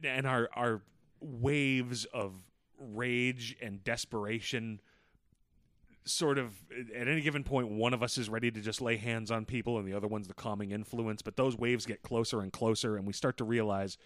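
A man co-hosting a casual chat podcast, telling stories in a profane, animated way. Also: mid-range voice, normal speed, dry recording, studio quality. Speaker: podcast co-host.

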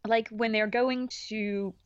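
Woman podcast guest, animated chatter with laughs, dull dry lo-fi sound. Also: fairly high pitch, slow pace, smooth, dry recording. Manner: animated, laughing, many restarts. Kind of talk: casual chat.

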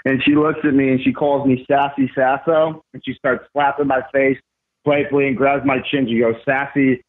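A man telling stories as a podcast guest, animated and emphatic, with slangy casual talk. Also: medium pitch, moderate pace. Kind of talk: casual storytelling. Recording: tinny phone-like remote line.

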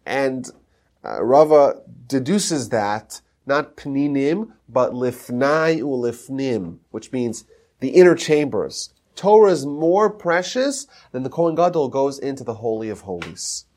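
A man's voice: mid-range voice, expressive, a little slow, darkish tone. A man giving a podcast lecture on Talmud history, teaching emphatically and mixing in Hebrew terms.

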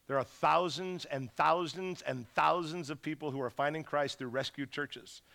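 A guest pastor delivers an energetic fundraising sermon in a church sanctuary, his fairly high voice marked by vocal fry. He tells lively stories and acts out the voices of the people who called him.

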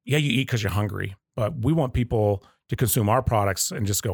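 Guest man from the South, low-pitched storyteller, close and dry. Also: a little fast, creaky, husky, no echo. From Southern United States. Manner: storytelling, acts out customer quotes. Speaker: guest, coffee company leader. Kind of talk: casual podcast interview.

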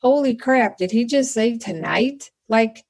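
Animated middle-aged woman telling a story. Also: on the high side, a little slow, slightly rough. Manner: animated, excitable storyteller who acts out her own lines. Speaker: company founder, guest. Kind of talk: casual interview storytelling.

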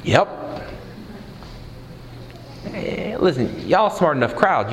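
A man's voice: medium pitch, animated, unhurried, long reverb tail, slight background noise, poor audio. A man preaching a sermon in a conversational way, asking the crowd questions and mixing in humor.

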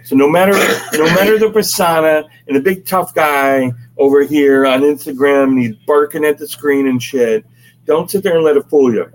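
A man's voice: fairly high pitch, normal speed, low-quality recording. A man co-hosting a casual podcast chat, telling stories with emphatic, persuasive asides. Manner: emphatic storyteller. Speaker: podcast co-host.

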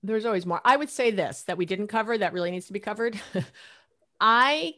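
Middle-aged woman therapist, guest on a show; lively, laughs a lot, plays out her clients' voices. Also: medium pitch, moderate pace. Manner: animated, laughs often, acts out clients' lines. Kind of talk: casual interview talk.

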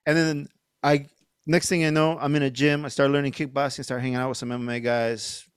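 A man's voice: mid-range voice, little pitch movement, fairly quick, clean tone, dry recording, clean studio sound. A middle-aged man, a podcast guest, telling a story casually with lots of fillers and swearing. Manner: rambling, profane, lots of fillers.

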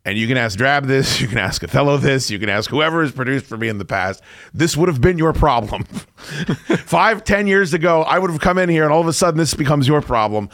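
Here the same forties radio host spins a casual on-air tale, swearing and poking fun at himself. His pitch is medium, his intonation lively, and his tone fairly bright as he talks a little fast. It's a dry, studio-quality recording.

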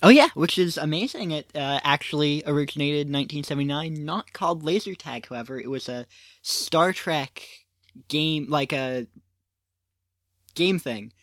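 Lively man chiming in on a podcast. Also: on the high side, moderate pace, no echo, clean studio sound. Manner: brief, agreeable replies with chuckles. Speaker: podcast co-host. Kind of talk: casual podcast chat.

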